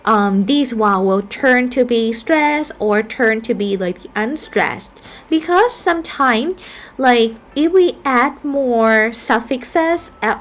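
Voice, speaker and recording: A woman's voice: fairly high pitch, slight background noise. A woman who speaks English as a second language, teaching a phonetics lesson and saying each example word twice with care. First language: not English. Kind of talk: slow spoken lesson.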